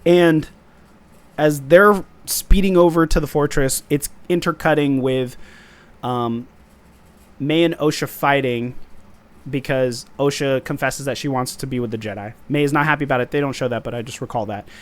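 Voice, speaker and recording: A man hosting a casual TV review podcast, retelling scenes with lively acted-out quotes and frequent laughter. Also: medium pitch, moderate pace. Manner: animated, acts out quoted lines, laughs often. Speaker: podcast host reviewing a TV episode.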